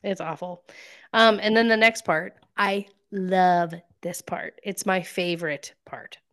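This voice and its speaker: A woman's voice: lowish voice, takes it slowly, clear, resonant tone. Chatty woman retelling a TV episode. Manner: animated retelling with lots of "like" and acted-out quotes. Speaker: podcast co-host. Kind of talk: casual chat recapping a TV episode.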